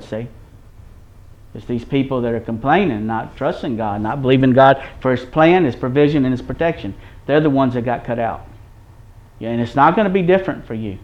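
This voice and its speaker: A man preaching a sermon, reading scripture in old wording and explaining it in plain, folksy talk straight to his listeners. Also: medium pitch. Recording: dull lo-fi recording.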